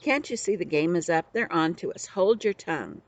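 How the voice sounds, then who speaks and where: A woman's voice: lowish voice, animated, moderate pace. A woman voicing a clever, scheming street-boy servant in a storybook reading, acting grand to fool his captors. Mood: crafty. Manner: crafty, putting on airs.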